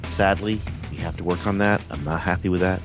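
A man's voice: sits low, steady tone, a little fast, soft background music. A man hosting a podcast in casual chat, with wry, self-mocking banter. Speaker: podcast host.

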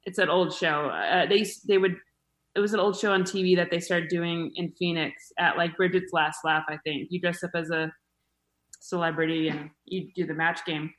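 A woman's voice: on the low side, steady tone, normal speed, fairly bright tone, roomy sound. A woman comedian chatting as a podcast guest, rambling with lots of fillers and restarts. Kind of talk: casual podcast chat.

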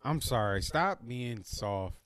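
A man in relaxed, casual conversation who often agrees with short replies and sometimes makes longer points. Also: mid-range voice, slow pace, clean tone, dry recording, clean studio sound. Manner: laid-back, agreeable, chimes in with short replies. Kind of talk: casual chat.

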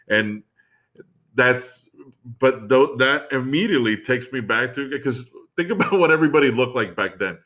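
A man from Miami co-hosting a podcast, relaxed, swearing freely as he reminisces. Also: mid-range voice, moderate pace. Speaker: podcast co-host. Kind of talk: casual chat. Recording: dull lo-fi recording.

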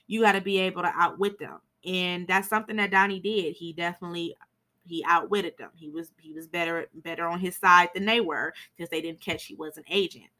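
A woman's voice: fairly low pitch, sharp tone. A woman hosting a podcast, giving a chatty, frank film recap and swearing now and then for emphasis. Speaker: podcast host.

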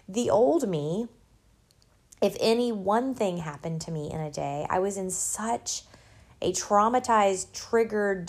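A middle-aged woman, telling a personal story in a casual, animated way and laughing as she goes. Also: mid-range voice. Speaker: nonprofit founder sharing a personal story. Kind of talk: casual personal talk to an audience.

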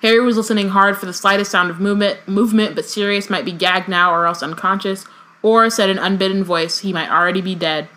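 A woman's voice: medium pitch, fairly even intonation, quick pace, bright, forceful tone. An American woman co-hosting a podcast, chatting casually with swearing and reading a novel aloud with asides. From United States. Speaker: podcast co-host.

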